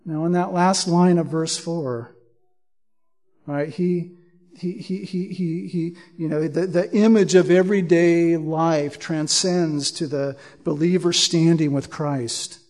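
A man's voice: a little high, fairly even intonation, takes it slowly, darkish tone. A man preaching a verse-by-verse sermon as pastor, emphatic, stumbling over repeated words and asking "right?" again and again. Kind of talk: expository sermon.

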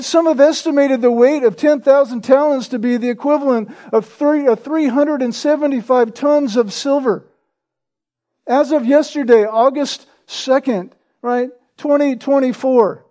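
Man, preacher, very high voice, warm mellow tone, conversational sermon storytelling. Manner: conversational storytelling, asks the listeners rhetorical questions. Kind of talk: expository sermon.

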